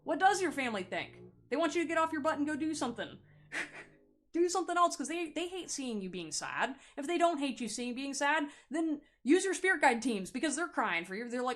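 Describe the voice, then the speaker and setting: A woman tarot reader giving a pick-a-card reading to camera, animated, blunt and playful, and often laughing. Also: sits high, fairly quick.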